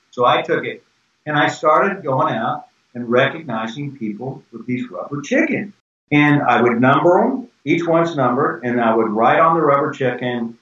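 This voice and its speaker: An older man, a former company president, telling business stories in a lively conversational way, acting out quoted dialogue as he goes. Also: medium pitch, normal speed. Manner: animated anecdotes with quoted dialogue. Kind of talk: conversational storytelling. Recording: echoey, distant, dull sound.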